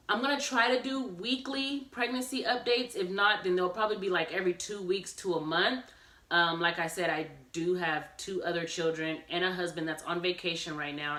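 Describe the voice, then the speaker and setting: A woman's voice: on the low side, pushed and bright. A woman telling a personal story in a casual vlog, chatty and acting out the dialogue as she goes. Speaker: vlogger. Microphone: phone camera. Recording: echoey room, mic at a distance.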